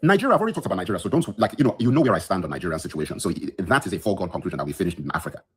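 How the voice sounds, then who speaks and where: Furious husky-voiced man ranting. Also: sits low, big pitch swings, rapid-fire. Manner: indignant, emphatic, repeats lines for effect. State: just woke up. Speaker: podcast host. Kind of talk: heated solo livestream rant. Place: his bedroom. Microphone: phone.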